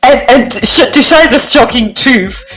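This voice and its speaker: A woman's voice: a little high, expressive, a little slow, a bit bright, low-quality recording. A woman from South Africa with a South African accent, a guest speaking thoughtfully and hesitantly in an interview. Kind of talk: reflective interview talk.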